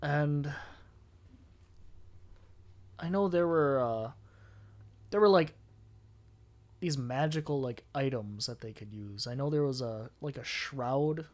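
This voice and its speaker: A young man co-hosting a podcast, chatting casually, stumbling and correcting himself, quick to laugh. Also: medium pitch. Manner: chatty, self-correcting, hesitant, laughs easily. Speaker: podcast co-host. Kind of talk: casual chat.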